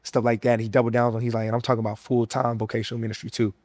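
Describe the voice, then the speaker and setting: A young man with a Southern US accent tells his faith testimony in an earnest, emotional way, with easy casual slang. His voice sits at an ordinary middle pitch. The recording is close and dry, with no room echo. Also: level tone, racing, a little mellow. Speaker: former college football player sharing his testimony. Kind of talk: personal testimony.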